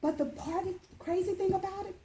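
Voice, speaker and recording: A woman in her fifties telling a personal story as a speech, lively and acting out the voices. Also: fairly quick, reverberant, a little hiss or hum, low-quality recording. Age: 50s. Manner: animated, acts out voices with big pitch jumps.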